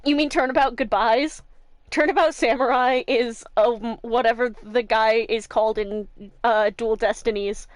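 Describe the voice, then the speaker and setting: A young woman streaming a game, excitable commentary with swearing and laughter. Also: a little high, a little slow, no echo.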